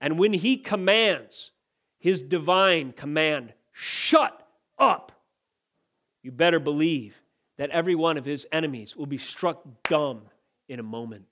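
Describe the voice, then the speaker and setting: A man preaching a sermon, building to emphatic, forceful declarations and then dropping back to quieter explanation. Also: fairly high pitch, normal speed. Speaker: pastor.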